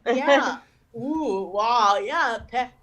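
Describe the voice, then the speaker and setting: A woman's voice: a little high, expressive, drawn-out words, a crowd in the background, poor audio. A woman doing an online stand-up set, rambling and swearing, with lots of "you know" fillers. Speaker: stand-up comedian.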